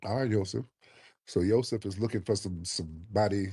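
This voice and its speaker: A man's voice: lowish voice, a little fast, dark tone, husky. A man hosting a call-in show, teasing and mocking his callers in casual banter. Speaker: show host taking callers.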